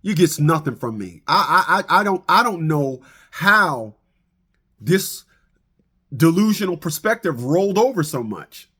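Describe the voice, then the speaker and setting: A man ranting comically to his viewers, animated, stammering and laughing at his own jokes. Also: on the high side, a little slow, husky. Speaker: vlogger. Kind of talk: comic rant to camera.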